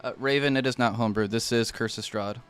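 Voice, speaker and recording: A man hosting a live-streamed tabletop game as its game master, his voice smooth and resonant at an ordinary middle pitch. He talks in an easygoing, explanatory way, with the odd filler as he walks the players through things. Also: steady tone, fast talker, faint music behind.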